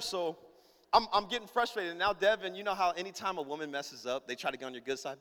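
A man's voice: high-pitched, fast, pushed and bright, big-room sound. A man preaching as a pastor, telling a funny story in a casual, slang-heavy way and acting out every character in it. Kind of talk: storytelling sermon.

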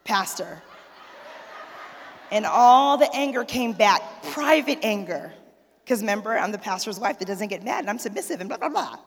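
A woman in her forties, a pastor's wife, telling a funny story to a church audience in an animated way, laughing and acting out the dialogue. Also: mid-range voice, moderate pace, gravelly, big-room sound, slight background noise. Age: 40s. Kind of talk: humorous storytelling testimony.

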